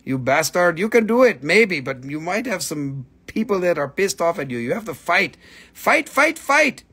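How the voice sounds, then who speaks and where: High-voiced joking man selling crystals live. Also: animated, normal speed, fairly bright tone, slightly rough. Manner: joking, playful, breaks into silly voices. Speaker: live-stream crystal seller. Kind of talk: casual live sales stream.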